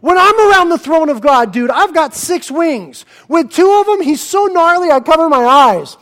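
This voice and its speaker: A man voicing a brash, casual male angel who shouts in slangy disbelief. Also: very high-pitched, very animated, moderate pace, pitched above the performer's own voice, full character voice. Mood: exasperated.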